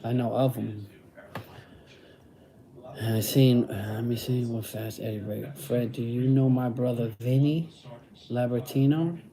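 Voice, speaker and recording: A man's voice: medium pitch, steady tone, a little slow, long pauses, warm tone. A middle-aged man chatting casually on a livestream, using street slang and repeating phrases. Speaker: host reading live chat.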